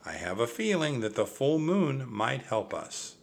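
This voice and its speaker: An older man reading aloud and voicing an eager, bold little girl who talks insistently and excitedly. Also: mid-range voice, a little slow, gravelly.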